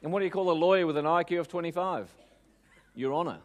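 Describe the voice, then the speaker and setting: Australian male speaker, lively joke-teller, fairly high voice. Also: fast. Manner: lively joke-telling, audience questions. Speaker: motivational speaker. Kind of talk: live motivational talk with jokes.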